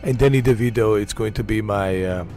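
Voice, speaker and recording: A man's voice: on the low side, brisk, darkish tone, soft background music, lightly acted. A man doing an impression of a boastful, aging male action-star bodybuilder, in a rambling, self-mocking way. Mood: playful boasting.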